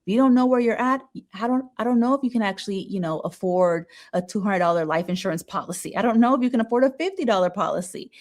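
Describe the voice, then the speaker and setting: Woman guest on a podcast, mid pitch, earnest and punchy. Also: lively intonation, fast, hardly any pauses, a little mellow. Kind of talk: casual interview.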